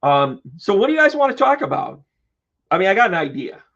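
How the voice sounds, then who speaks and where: A fairly high-voiced man hosts a live tarot reading, bursting with exclamations, jokes and casual swearing as he calls out viewers by name. The stream audio is dull and lo-fi. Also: sing-song, fairly quick, fairly bright tone. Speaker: tarot reader and medium.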